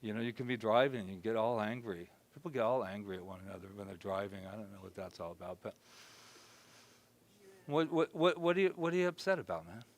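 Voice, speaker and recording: A man preaching an informal sermon to a congregation, conversational and joking, who softly acts out his own self-talk. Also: fairly low pitch, fairly quick. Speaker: minister. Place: spiritual center gathering before a congregation.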